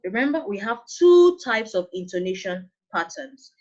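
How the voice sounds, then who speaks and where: A woman with a Nigerian accent teaching an English lesson, speaking deliberately and repeating key phrases. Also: medium pitch, big pitch swings. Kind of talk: classroom lesson on intonation. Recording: dull lo-fi recording.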